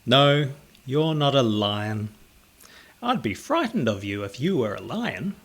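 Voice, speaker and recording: A man's voice: medium pitch, big pitch swings, takes it slowly, vocal fry, a bit bright, slight background noise, heavily acted. Man playing a teasing, amused spider. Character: laughing teasing male spider.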